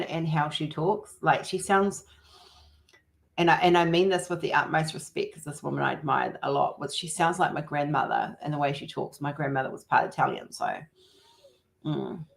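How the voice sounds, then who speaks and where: A woman with a New Zealand accent hosts a relaxed livestream chat. Her voice sits very low with a gravelly, creaky edge. She rambles from story to story and laughs often. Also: moderate pace. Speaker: livestream host. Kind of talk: casual chat.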